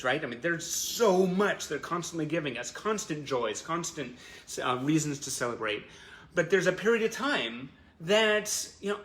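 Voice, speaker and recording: An effusive man chats warmly to viewers on a livestream, his voice bright and a little higher than most men's. He circles back on his words, stumbling through fillers as feelings rise. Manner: emotional, effusive, many fillers and restarts. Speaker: host of a fan livestream. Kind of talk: casual heartfelt chat to viewers.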